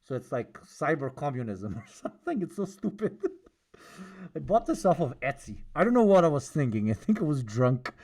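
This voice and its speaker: A man hosting a livestream rambles through loose reaction commentary, swearing and laughing as he goes. His pitch swings a lot from line to line, and he talks through a cloth mask. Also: very animated, moderate pace, darkish tone. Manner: profane, rambling, laughs often. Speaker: livestream host. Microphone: speaking through a cloth mask.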